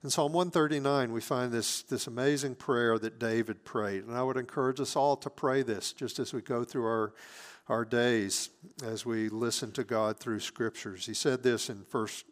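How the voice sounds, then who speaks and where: A man preaching a sermon as pastor, earnest, moving between emphatic lines and hushed, near-whispered asides. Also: mid-range voice, steady tone, moderate pace.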